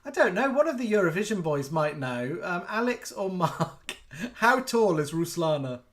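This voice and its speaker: A man's voice: sits high, big pitch swings, moderate pace, a bit bright. A man co-hosting a live chat show, rambling and giggly in casual talk.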